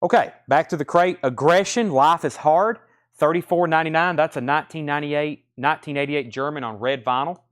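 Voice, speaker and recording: Southern guy running a live record sale, smooth clear voice, reels off prices and mutters to himself. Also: on the high side, a little fast. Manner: rattles off titles and prices, thinks aloud. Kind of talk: live-stream sales patter. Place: record store.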